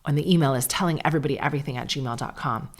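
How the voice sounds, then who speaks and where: A woman in her forties talks her way through a solo podcast episode in a low, deep-set voice. She is candid and chatty, dropping dry sarcastic asides as she goes. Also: very fast. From Canada. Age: 40s. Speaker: podcast host. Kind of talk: casual solo podcast chat.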